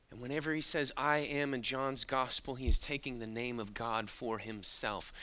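A man's voice: medium pitch, normal speed, pushed and bright. A man preaching a sermon, emphatic and drawing out his key words.

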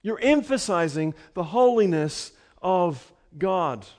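A man delivering a sermon in a voice pitched a little high for a man. He talks to the congregation in a conversational way, full of rhetorical questions, then builds into loud, shouted emphasis before dropping back to a quiet tone. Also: expressive, slow pace. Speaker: preacher.

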